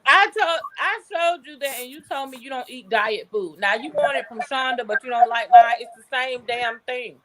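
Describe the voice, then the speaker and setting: A woman's voice: high-pitched, normal speed, hardly any pauses, a bit bright, slight background noise. A woman in a casual group video chat, outspoken and emphatic, teasing the others.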